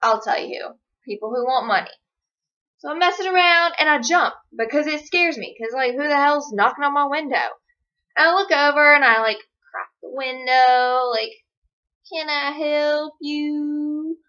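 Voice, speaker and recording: A woman's voice: high-pitched, normal speed, sharp tone. A young woman, chatting sarcastically as she tells stories to the camera. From Georgia, USA. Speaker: vlogger. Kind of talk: casual chat. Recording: dull lo-fi recording.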